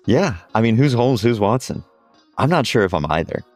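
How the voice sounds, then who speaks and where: A man hosting a podcast in casual chat, chatty and quick to laugh, sometimes restarting his sentences. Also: medium pitch, big pitch swings, a little mellow, soft background music. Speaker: podcast host.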